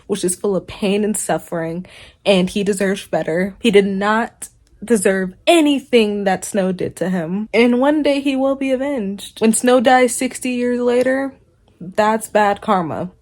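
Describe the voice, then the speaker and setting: Exasperated young woman ranting about a book. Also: medium pitch. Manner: animated, exasperated ranting with frequent laughs. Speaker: book vlogger. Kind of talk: casual reaction vlog.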